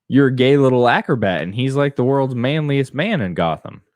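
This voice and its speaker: A man's voice: mid-range voice, expressive, normal speed, a little mellow, no echo. Blunt, crude-joking podcast host man. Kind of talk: casual chat.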